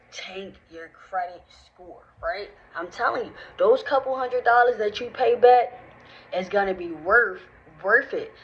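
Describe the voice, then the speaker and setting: A woman in her thirties, a credit management business owner, giving a casual motivational talk with direct, slangy, emphatic speech that repeats points for emphasis. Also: medium pitch. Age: 30s. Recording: slightly dull sound with faint noise.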